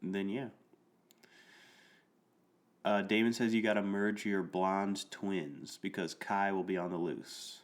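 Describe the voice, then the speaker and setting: A man co-hosting a podcast, recapping a TV episode in a slow, halting way with lots of fillers. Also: low-pitched, fairly even intonation. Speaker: podcast co-host. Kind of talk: casual chat recapping a TV episode.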